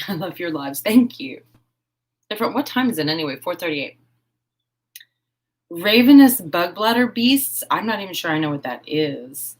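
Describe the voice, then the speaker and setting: A woman hosting a casual live stream while crafting. She chats, giggles and thinks out loud. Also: sits low, lively intonation, brisk. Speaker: host of a horse-themed channel.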